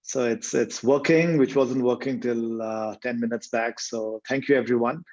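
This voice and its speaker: An Indian man talks casually on a video call in a middle-pitched voice. He hesitates now and then and keeps a personal tone. The sound is dull and lo-fi. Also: steady tone, normal speed, a little mellow. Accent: Indian English. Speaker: co-presenter. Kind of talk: casual online talk.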